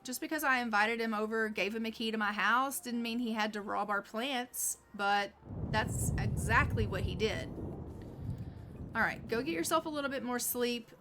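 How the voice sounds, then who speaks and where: A woman hosts a gaming channel, giving casual gameplay commentary in a mid-range, slightly bright voice. She's chatty and uses plenty of fillers like "like" and "um," with faint game music in the background.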